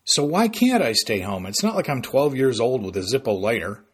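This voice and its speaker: A man's voice: medium pitch, very animated, moderate pace, slightly rough. A man voicing a sarcastic seventeen-year-old boy who grumbles about his plans.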